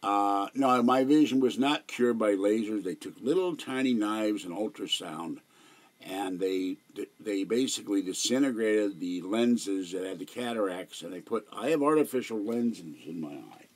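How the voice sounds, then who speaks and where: A man's voice: lowish voice, moderate pace. An older man chatting casually at home on a livestream, telling rambling, digressive stories. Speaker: livestream host.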